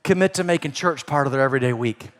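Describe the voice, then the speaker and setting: A middle-aged man preaching a sermon as a pastor, animated, swinging between loud emphasis and soft asides. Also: medium pitch, fast talker. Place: church auditorium. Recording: long hall reverb.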